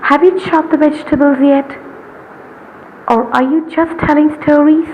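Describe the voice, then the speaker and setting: A woman's voice: high voice, steady tone, a little hiss or hum, pitched above the performer's own voice, lightly acted. A woman voicing a busy, fretful young housewife, in a slightly muffled recording. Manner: hurried, fretful.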